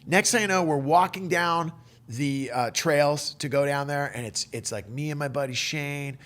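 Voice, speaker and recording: A man telling a personal surfing story in a casual, animated way, full of surfer slang and fillers. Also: a little high, moderate pace.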